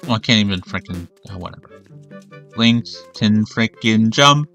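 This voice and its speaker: A man's voice: lowish voice, moderate pace, pushed and bright, muffled recording, soft background music. Profane ranting Canadian man. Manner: angry, profane, rambling rant. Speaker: streamer. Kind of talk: ranting commentary over a game.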